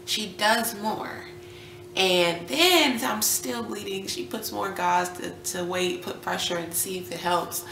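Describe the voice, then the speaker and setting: A woman's voice: mid-range voice, takes it slowly, vocal fry, slight background noise. Young woman telling a story in an echoey room. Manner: animated, reenacts quotes, drops to near whisper at times. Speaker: vlogger, new mother. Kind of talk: casual storytelling to camera. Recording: echoey room with faint ambience.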